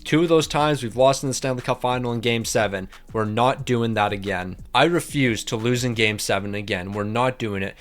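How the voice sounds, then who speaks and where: Fast-talking young man narrating gameplay. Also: medium pitch. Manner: fast, excitable, slangy self-talk. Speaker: gaming YouTuber. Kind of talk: video game commentary.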